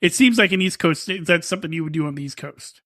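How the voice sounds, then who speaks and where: A man's voice: a little high, animated, fast, a bit bright, no echo. Crude joking man, dry mic. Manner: crude, joking, laughs often. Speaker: podcast co-host. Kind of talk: casual chat.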